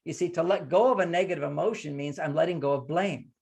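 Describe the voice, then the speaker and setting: A man's voice: fairly high pitch, quick pace, gravelly, a little mellow, slightly rough. An older man giving relationship advice as a podcast guest, emphatic and lecturing, sometimes acting out what partners say.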